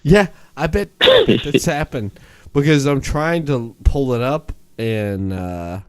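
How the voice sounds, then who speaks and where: A man's voice: mid-range voice, lively intonation, a little slow, clear, resonant tone, no echo. A man hosting a podcast, chatting casually with lots of laughing and rambling asides. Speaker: podcast host. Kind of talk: casual chat.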